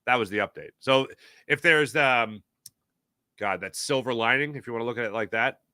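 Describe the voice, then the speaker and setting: A man hosting a casual sports talk show, talking emphatically and answering live chat with quick asides. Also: mid-range voice, sharp tone, dry recording, studio quality.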